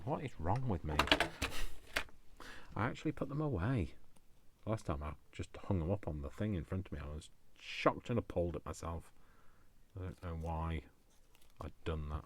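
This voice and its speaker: A man hosting a crafting video, rambling casually and talking to himself with jokey asides. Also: sits low. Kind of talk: casual chat while crafting.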